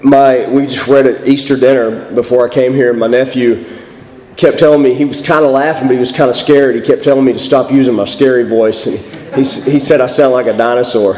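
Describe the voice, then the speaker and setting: A man with a Texan accent, hoarse from a head cold, giving a folksy, self-deprecating personal recovery talk at a church meeting. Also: mid-range voice, fairly even intonation, a little fast, darkish tone. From Texas. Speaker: guest speaker at a recovery meeting. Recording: echoey hall.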